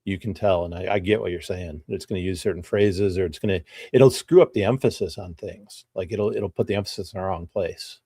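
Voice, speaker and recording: A man co-hosting a podcast in relaxed casual chat, with dry humor and short replies of agreement. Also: low-pitched, fairly quick, hardly any pauses, slightly rough, no echo. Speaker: podcast co-host.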